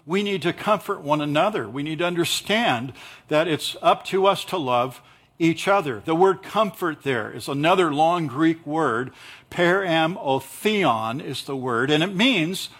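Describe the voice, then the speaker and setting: A man's voice: a little high, fairly bright tone, husky. A man preaching a sermon in a conversational way, mixing explanation of scripture with light jokes and acted-out asides. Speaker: pastor.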